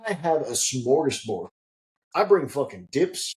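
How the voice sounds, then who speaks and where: In a relaxed storytelling chat, the guest, a head distiller, spins comic tales full of swearing and performs the voices of the characters. His medium-pitched delivery is very animated but a little slow.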